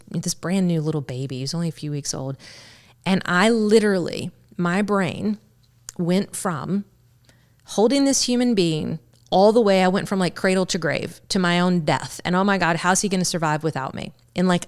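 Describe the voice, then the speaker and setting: Middle-aged woman host, earnest storyteller with a smooth, slightly low voice. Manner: earnest, repeats words while searching for them. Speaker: podcast host and mindfulness teacher. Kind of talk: reflective personal storytelling.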